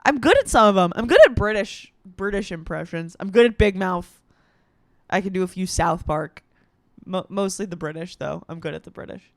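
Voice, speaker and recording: Young woman in her 20s goofing around, swears a lot, bouncy lively voice, dry close sound. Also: on the low side, moderate pace, no echo. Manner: playful, swearing, rambling. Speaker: vlogger. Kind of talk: casual comedic monologue.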